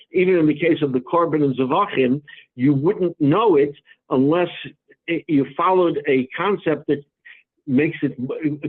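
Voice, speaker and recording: A rabbi teaching a Talmud class, explaining patiently in halting speech with many restarts. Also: male voice, on the high side, breathy edge, phone-quality sound.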